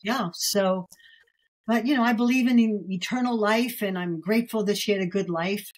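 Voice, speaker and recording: A middle-aged woman, a herbalist guest, talking in a gentle, chatty way with many fillers in a casual interview. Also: mid-range voice, moderate pace, rough recording.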